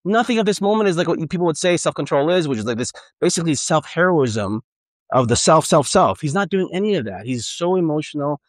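A man's voice: on the high side, expressive, brisk, dry recording. A man preaching a sermon in an earnest, conversational way, often repeating and restarting phrases. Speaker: pastor.

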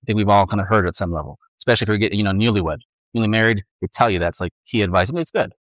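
A man's voice: fairly low pitch, rapid-fire, fairly bright tone, no room sound, studio quality. A man preaching a conversational sermon, earnest, acting out the inner voices of his listeners.

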